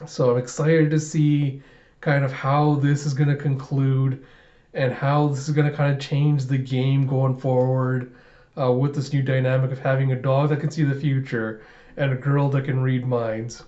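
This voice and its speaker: A man's voice: mid-range voice, little pitch movement, moderate pace, warm tone. A young man hosting a casual reaction video, chuckling often and filling with uhs. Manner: chuckling, many fillers. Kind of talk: casual chat. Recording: slightly muffled lo-fi audio.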